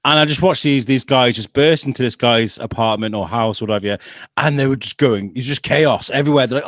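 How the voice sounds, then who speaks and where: A man co-hosting a podcast talks fairly quickly in a mid-range voice, recorded dry in a clean studio. His casual chat is full of lively stories where he acts out the quotes.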